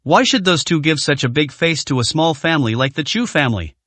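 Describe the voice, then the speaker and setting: A man voicing a calm young man who mocks his rival in a read-aloud story. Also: a little high, a little fast, no echo. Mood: mocking. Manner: calm, mocking. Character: calm, mocking young man of hidden power.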